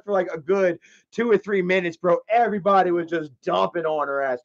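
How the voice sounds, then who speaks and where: A man's voice: sits high, fairly quick, lo-fi sound. A man telling a story in a casual, profane, rambling rant, often repeating himself. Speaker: channel host.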